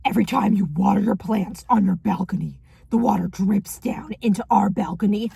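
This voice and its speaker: A woman voicing her neighbor as a creepy serial killer, reading a complaint note slowly in a sinister, raspy tone. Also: warm tone, exaggerated voice. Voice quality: gravelly, raspy and low.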